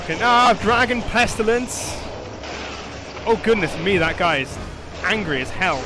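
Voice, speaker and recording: A young man hosting a gaming channel, giving excitable, joking, profane commentary as he plays online with teammates. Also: high voice, measured pace, background noise. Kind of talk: live gameplay commentary. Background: game music.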